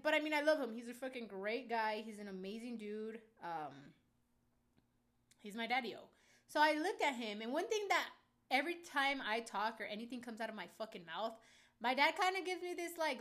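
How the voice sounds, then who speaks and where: Chatty, rambling young woman, slightly high voice. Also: lively intonation, moderate pace, fairly bright tone. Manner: rambling, heavy on filler words and swearing; talks straight to viewers as "guys". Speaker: vlogger. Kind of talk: casual storytime chat to viewers.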